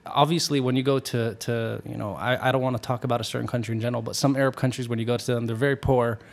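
A man on a podcast spins a long anecdote in a loose, rambling way, restarting his sentences and laughing as he goes. His voice sits at an ordinary middle pitch. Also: fairly even intonation, quick pace, creaky. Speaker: podcast host telling a story. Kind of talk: casual storytelling chat.

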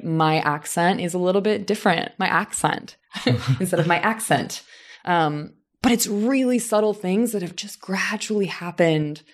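A woman from Southern Indiana who teaches, talking in a relaxed conversation about how people speak, thinking aloud with frequent restarts. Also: lowish voice. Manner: reflective, animated examples, frequent restarts. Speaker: teacher and voice coach. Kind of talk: casual conversation.

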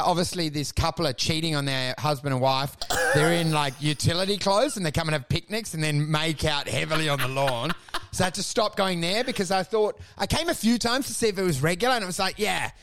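A man riffs through a crude comic rant on a podcast, his voice sitting high with a gravelly rasp. He rambles, curses often and breaks into shouted, squealing impressions of the people in his stories. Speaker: podcast co-host.

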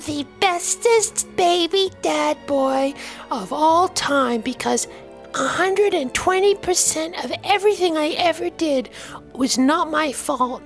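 Brief: woman playing a tiny childish whiner, very high-pitched and slow, faint music under. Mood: whiny. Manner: whiny, squeaky, childish. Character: tiny whiny baby-man elf-sized character.

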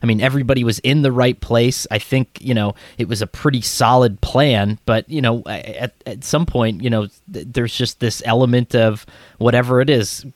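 A man's voice: mid-range voice, steady tone, moderate pace, no echo. A young man co-hosting a sports podcast, talking loosely with many fillers. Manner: loose, filler-heavy, chatty. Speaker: podcast co-host. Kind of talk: casual sports chat.

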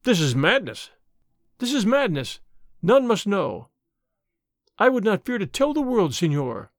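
A man's voice: sits high, sing-song, measured pace, no room sound, studio quality, heavily acted. A man reading an audiobook, voicing an anxious, proud young noblewoman who speaks in an urgent, pleading way.

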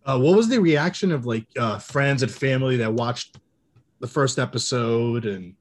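A man hosting an interview at an ordinary pitch for a man. He asks his questions haltingly, filling pauses with uh and like as he goes. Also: animated. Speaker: podcast host.

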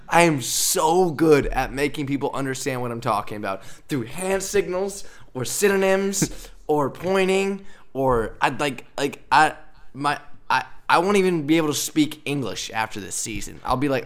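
A man's voice: mid-range voice, animated, normal speed. Hyped young guy hosting a podcast, rambly and laughing a lot. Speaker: podcast host. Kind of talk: casual podcast chat.

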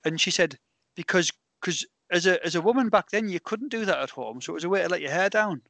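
A British man hosts a podcast in a slightly high, animated voice. He rambles through stories, full of fillers and restarts. The sound is dry and close. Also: fast talker, vocal fry, dry recording. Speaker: podcast host. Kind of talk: casual chat.

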